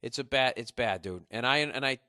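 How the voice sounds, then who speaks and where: A man's voice: medium pitch, brisk, bright, forceful tone, dry recording, clean studio sound. A man in his forties hosting a podcast, giving blunt, profane advice in a rambling comic rant. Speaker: podcast host. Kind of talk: casual comedic advice rant.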